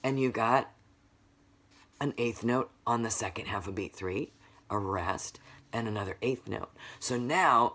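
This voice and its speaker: A woman's voice: a bass voice, a little slow, fairly bright tone. A woman music teacher giving a recorded lesson for children, patiently counting beats aloud and quizzing the class as she goes.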